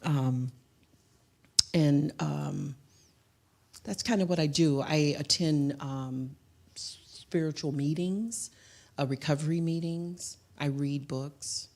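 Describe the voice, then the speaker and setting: A woman giving a heartfelt spiritual testimony, halting and full of fillers. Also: low voice, darkish tone. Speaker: guest speaker and singer.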